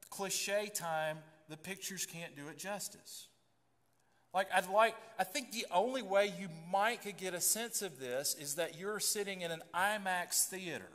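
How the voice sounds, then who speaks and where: Preaching in a church sanctuary, a pastor speaks in a folksy, conversational way and keeps restarting his sentences. His voice sits high with a fairly bright tone, and a long reverb fills the hall.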